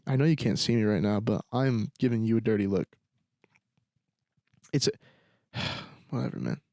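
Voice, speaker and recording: A man's voice: fairly low pitch, normal speed, mellow, dry recording, clean studio sound. A young man hosting a solo podcast, ranting in casual slang and leaning on sarcasm. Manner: slangy, repeats "dude" and "bro", sarcastic. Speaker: podcast host.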